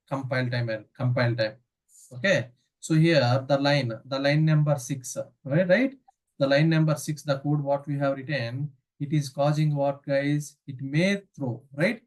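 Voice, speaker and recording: A man with an Indian English accent teaching a live online programming class, asking questions and answering them himself. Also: a little high. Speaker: programming instructor.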